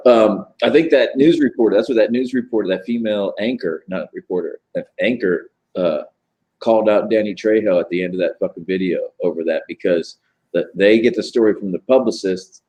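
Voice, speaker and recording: A man's voice: lowish voice, warm tone, husky. A man in casual stream chat, talking in rambling, filler-heavy runs and swearing freely. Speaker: tattoo artist on a live chat stream.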